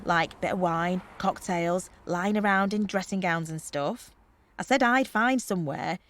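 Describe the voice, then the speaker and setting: A woman's voice: medium pitch, fairly bright tone, no room sound. An actress playing a brash, boozy young woman organising a party trip in a comedy radio play, cheeky and slangy.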